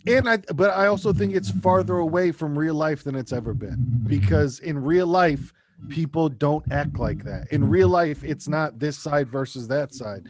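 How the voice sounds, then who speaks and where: A man's voice: fairly high pitch, moderate pace, background noise. A man on a podcast making emphatic, profane points in casual chat. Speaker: podcast co-host.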